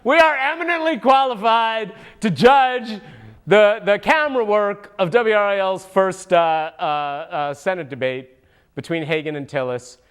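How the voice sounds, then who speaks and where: Speaking in a high, smooth voice at a measured pace, a puppet show host plays a wisecracking male monkey in comic political commentary. The character is goofy and mocking and lets out sudden whooping outbursts.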